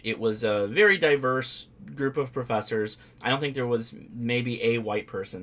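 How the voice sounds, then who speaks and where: Higher-pitched chatty male stream host. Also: pushed and bright. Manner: chatty, rambling with fillers and restarts. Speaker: ham radio live-stream host. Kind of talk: casual live-stream chat.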